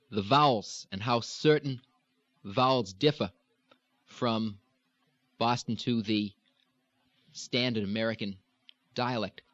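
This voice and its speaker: Man, dialect coach, measured lesson delivery, dull lo-fi tape, dry sound. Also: mid-range voice, no echo. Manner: measured, explanatory, demonstrating sounds. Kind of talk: recorded accent lesson.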